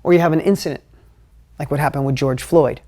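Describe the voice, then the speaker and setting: Energetic male motivational coach. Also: fairly high pitch, fast talker. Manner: energetic, emotional, conversational. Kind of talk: live motivational talk at a whiteboard.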